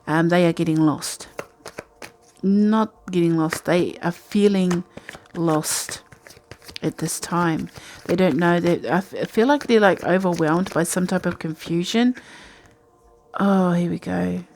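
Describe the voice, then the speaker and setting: A woman's voice: lowish voice, takes it slowly, a little mellow. A woman giving a casual, rambling tarot reading from home at night, talking in a chatty, intuitive way. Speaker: tarot reader.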